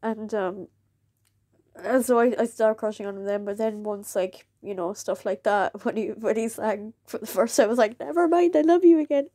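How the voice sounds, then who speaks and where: Rambling along with plenty of "like"s, a young woman talks casually in her vlog, now and then breaking into excited quoted voices. Her medium-pitched voice moves at a moderate pace, recorded in clean studio sound without echo.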